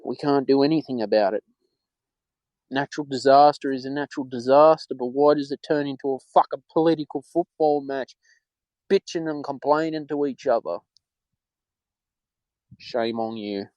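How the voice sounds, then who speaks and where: A man's voice: mid-range voice, steady tone, fairly quick, a little mellow, no room sound, lo-fi sound. An Australian man hosting a podcast alone, rambling in frustration and repeating himself. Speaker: podcast host. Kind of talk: solo opinion talk.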